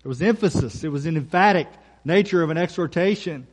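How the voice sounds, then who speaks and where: A man preaching a sermon as pastor, emphatic, repeating key phrases and slowing down for scripture. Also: fairly high pitch.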